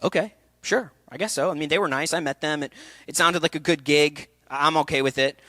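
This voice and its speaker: A young man speaking candidly at a festival talk, telling a personal story with energy and quick asides. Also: a little high, no echo. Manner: energetic, candid storytelling with laughs and acted quotes. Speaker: actor and speaker. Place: event hall.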